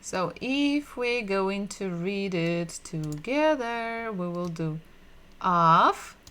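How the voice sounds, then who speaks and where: A woman giving a livestreamed language lesson, patiently repeating sounds and words slowly so learners can drill them. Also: medium pitch, expressive. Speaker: Russian language teacher.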